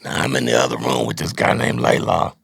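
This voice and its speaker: A man's voice: steady tone, a little fast, fairly bright tone, dry recording, clean studio sound. A middle-aged man, a rapper from Dallas, telling stories in a reflective, casual interview, often repeating his words as he searches for them. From Dallas, Texas. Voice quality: deep gravelly husky voice. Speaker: rapper guest.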